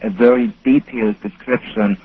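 A man's voice: fairly low pitch, steady tone, breathy edge. German man, non-native English, earnest interview guest, phone-quality audio. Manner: earnest, slightly halting non-native phrasing. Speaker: guest researcher. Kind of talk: call-in radio interview. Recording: thin telephone line with faint hiss.

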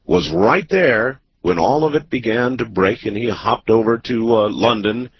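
Slow, lively-voiced male radio host. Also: fairly low pitch. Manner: measured, drawn-out delivery with many pauses. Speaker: radio talk show host. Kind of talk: late-night radio talk. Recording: muffled broadcast audio with faint hiss.

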